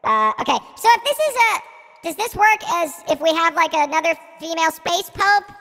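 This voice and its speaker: High pitch-shifted voice, a man on a voice changer, casual and fumbling, long echo tail. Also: animated, moderate pace, pushed and bright, heavily acted. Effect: pitch-shifting voice changer set high.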